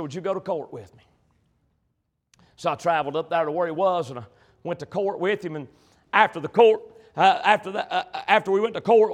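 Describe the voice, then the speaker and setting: High-voiced preacher man. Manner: emphatic, swings from loud to hushed. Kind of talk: sermon.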